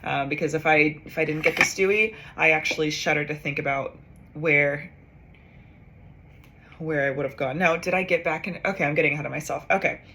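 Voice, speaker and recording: A woman's voice: sits low, fairly quick, sharp tone, a little hiss or hum. A young woman, a comedian, telling a personal story in a casual, self-mocking way, acting out the dialogue with big jumps in her voice.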